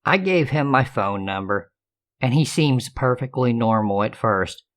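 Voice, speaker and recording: A man's voice: medium pitch, animated, unhurried, fairly bright tone. A male storyteller with a mid-range voice reads creepy true stories aloud. He keeps it casual and profane, with sarcastic asides. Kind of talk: reading true scary stories.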